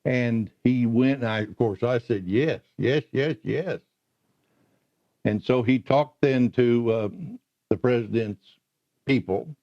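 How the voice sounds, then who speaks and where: An older man slowly recalling his career in an oral history interview, pausing often with "uh". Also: mid-range voice, fairly even intonation, dark tone. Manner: slow, halting storyteller with many "uh" pauses. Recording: muffled lo-fi recording.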